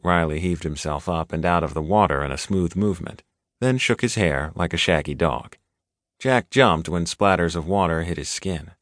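A man reading a romance audiobook in an even, measured narration, close to a studio mic. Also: sits low, no echo. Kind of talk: scripted narration.

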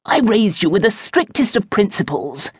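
A woman's voice: mid-range voice, sing-song, moderate pace, breathy edge, no echo, clean studio sound, voice pushed up. A woman narrating an audiobook, voicing an irritable, prudish aristocratic father who talks in an exasperated, imperious way. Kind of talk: audiobook character voice.

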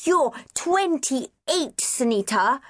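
A woman's voice: high voice, animated, extremely slow, no echo, clean studio sound, voice pushed up, exaggerated voice. A woman voicing a chirpy, blunt little boy of five.

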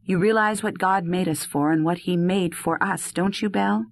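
A woman's voice: fairly low pitch, moderate pace, close to an everyday voice. A woman voicing a rugged young male herb harvester who chides and coaxes his dog. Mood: earnest. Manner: earnest, chiding, talks to his dog. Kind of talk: audiobook dialogue reading.

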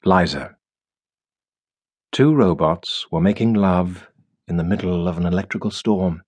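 A man reading a science fiction audiobook in a measured, steady storytelling manner. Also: sits low, breathy edge. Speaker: audiobook narrator. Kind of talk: scripted narration.

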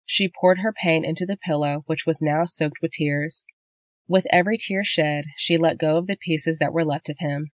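A woman reading a novel as an audiobook narrator in a steady, measured way, on a close studio mic. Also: deep voice, no room sound. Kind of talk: scripted narration.

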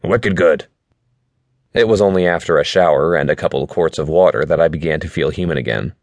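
Very deep-voiced male narrator. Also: fast, a little mellow, no echo. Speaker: audiobook narrator. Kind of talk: scripted narration.

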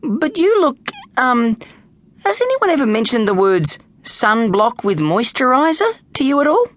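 A squeaky, timid young gladiator frets in a high, wobbling voice, as a man acts him out. He has an Australian accent, and the children's storybook reading is close and dry. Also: very animated, a little slow, fairly bright tone, dry recording, heavily acted. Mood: nosy.

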